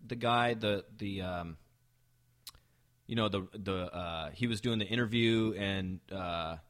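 Guy with a lowish voice rambling thru a casual podcast chat, lots of stops and restarts. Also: fairly bright tone. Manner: rambling, halting explanations. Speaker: podcast co-host.

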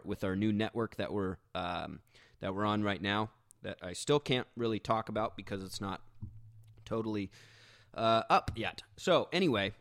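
In clean, echo-free studio audio, a man with a medium-pitched voice hosts a podcast. He rambles through a self-mocking, embarrassing anecdote in casual monologue form, starting over again and again.

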